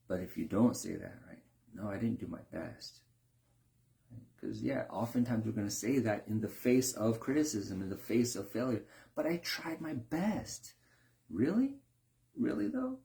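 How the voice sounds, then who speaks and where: A man talking casually in a reflective monologue, with many fillers and restarts, briefly acting out other people in a higher voice. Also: creaky, dark tone. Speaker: speaker sharing reflections.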